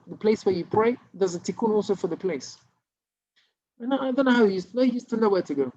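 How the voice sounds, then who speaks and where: Rabbi telling a story, dull recording. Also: male voice, high-pitched, a little mellow. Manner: informal, anecdotal, frequent restarts and Hebrew terms. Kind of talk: storytelling Torah class.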